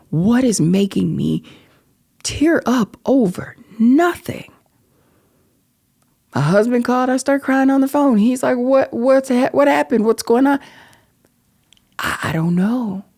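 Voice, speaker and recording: A middle-aged woman with a dark, gravelly, husky voice. She talks in an earnest, reflective way as host of her own podcast, often sinking into near-whispers. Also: medium pitch, lively intonation, measured pace. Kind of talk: personal reflective monologue.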